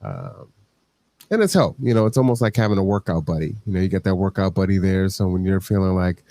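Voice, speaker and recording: A man with a fairly low voice talks on his podcast in a reflective, conversational way. He keeps checking in with whoever is listening. The sound is dry and close, with no room around it. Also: expressive, normal speed, mellow, no room sound. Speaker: podcast host. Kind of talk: reflective casual talk.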